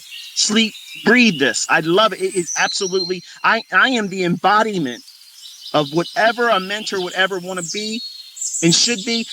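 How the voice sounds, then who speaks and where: A middle-aged man talks fervently to his viewers in a preachy, emphatic way and keeps repeating himself. His voice sits a bit high for a man. Faint crickets and birds can be heard in the background. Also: noisy background. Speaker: trading educator. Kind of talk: impassioned monologue to viewers.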